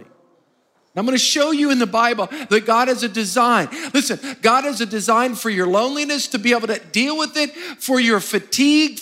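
Male pastor, high bright voice, emphatic sermon delivery with call-and-response, long church-hall reverb. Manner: emphatic, calls for congregation responses.

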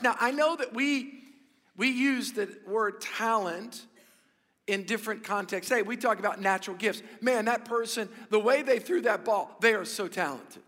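A high, bright male voice preaching in an energetic, joking way, often repeating words as he restarts. His sermon rings with a long reverb through a large church hall. He addresses the congregation directly. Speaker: pastor.

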